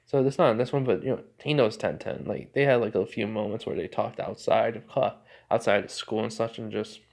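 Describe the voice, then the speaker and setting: A man's voice: lowish voice, fairly even intonation, a little fast, creaky, darkish tone. A man casually retelling a fan story, rambling and often correcting himself mid-sentence with lots of filler words.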